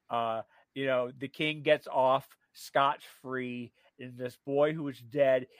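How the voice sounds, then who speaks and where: A man co-hosting a radio show, telling a story in a gossipy, animated way with many fillers and restarts. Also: mid-range voice, no echo. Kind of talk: casual radio chat. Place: radio studio.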